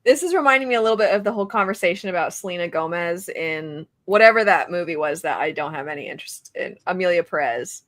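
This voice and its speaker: A woman's voice: fairly low pitch, animated, fast, hardly any pauses, fairly bright tone, no echo, clean studio sound. Chatty woman podcast co-host. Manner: chatty, laughs often. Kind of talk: casual chat.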